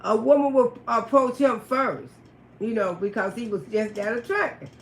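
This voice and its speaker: A woman with a fairly high voice tells a personal story on a casual livestream at a moderate pace, animated and profane as she greets viewers by name. The sound is reverberant.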